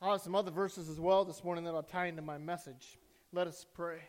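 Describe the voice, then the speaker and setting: A man's voice: fairly high pitch, fairly even intonation, a little fast. A male pastor giving a sermon, reading scripture, praying and asking the congregation questions in a conversational way. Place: church.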